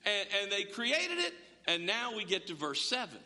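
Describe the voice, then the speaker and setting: A man preaching a sermon as pastor, conversational and humorous, telling the story with animated asides. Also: high-pitched, moderate pace. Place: church sanctuary. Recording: long echo of a large hall.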